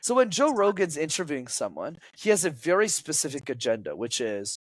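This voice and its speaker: A man's voice: on the high side, brisk, hardly any pauses. A man who coaches public speaking, talking as a podcast guest and acting out quoted lines in changing voices. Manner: animated, acts out quotes in shifting voices.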